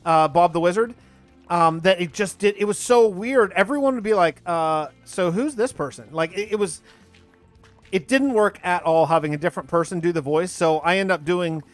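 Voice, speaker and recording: Over soft background music, a man in his thirties streams live, speaking at normal speed in a high-pitched voice. He rambles while playing and answering his chat.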